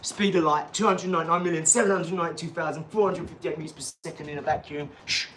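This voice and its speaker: A man in his forties talks on a live stream, drifting from one topic to the next and bragging cheerfully, with a laugh at his own expense. His voice sits a little high. A faint background hum runs under the whole recording. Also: fairly even intonation, fast talker, fairly bright tone. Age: 40s. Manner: chatty, boastful, drifts between topics, laughs at himself. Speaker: channel host. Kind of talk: rambling live-stream chat with boxing tips.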